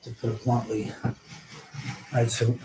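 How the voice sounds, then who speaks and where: A man's voice: mid-range voice, little pitch movement, a little slow, very noisy. A man hosting a casual livestream from his home, chatting with viewers, exclaiming and swearing freely. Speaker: livestream host. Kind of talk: casual live-stream chat, answering viewers.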